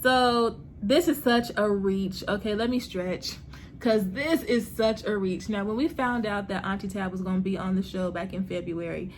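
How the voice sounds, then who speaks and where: A woman in a casual TV recap vlog, talking fast and loose with plenty of slang and frequent laughter. Her voice sits at an ordinary middle pitch. Faint background noise hums behind her. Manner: chatty and animated, slangy, laughs often. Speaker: host reviewing a TV series.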